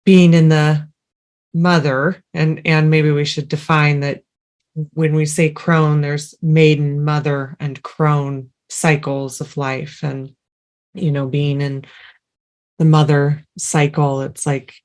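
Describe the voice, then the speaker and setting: A woman co-hosts a podcast at a slow, unhurried pace. Her pitch stays fairly flat as she reflects aloud in halting phrases. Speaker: podcast co-host. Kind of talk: casual interview chat.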